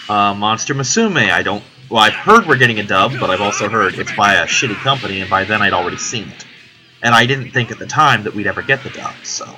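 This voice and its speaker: A man's voice: fairly low pitch, animated, quick pace, noisy background. A young man chatting casually while playing a video game, rambling, swearing now and then. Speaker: let's play host. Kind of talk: casual gaming commentary.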